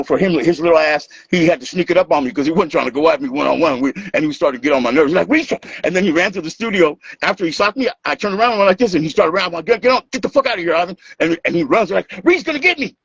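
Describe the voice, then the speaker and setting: A man from Los telling stories in an animated, casual way, acting out what people said and swearing freely. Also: a little high, racing, vocal fry, hardly any pauses, slightly rough, dry recording. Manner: animated, acts out quotes, swears freely, laughs. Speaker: guest, dancer and music maker. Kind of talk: casual storytelling interview. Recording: dull lo-fi sound.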